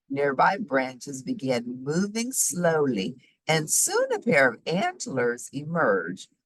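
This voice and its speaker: A woman reading a children's picture book aloud in an animated, sing-song way. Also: extremely low pitch, slow pace, husky, dry recording, poor audio. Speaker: storybook reader. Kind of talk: children's story read aloud.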